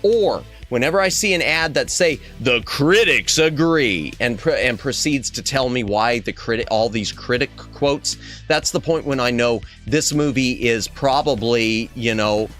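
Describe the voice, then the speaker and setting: A man streaming as a VTuber, chatting casually with his viewers in a rambling, self-correcting way, his throat strained. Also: fairly bright tone. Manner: rambling, self-correcting, jumps to high squeaky exclamations. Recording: faint music behind the voice.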